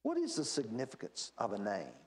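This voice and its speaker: A man's voice: mid-range voice, wildly swooping pitch, a little fast. A man teaching a Bible class in a church, explaining verses and asking the class rhetorical questions. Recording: echoey church room.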